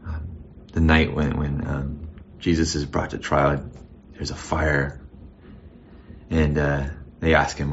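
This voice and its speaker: A pastor with an exceptionally deep, low voice gives a casual, thoughtful sermon, circling back and restarting his phrases as he goes. The recording sounds muffled and lo-fi, with a faint hum of ambience underneath. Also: flat delivery, takes it slowly, pauses often. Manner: conversational and reflective, with frequent restarts.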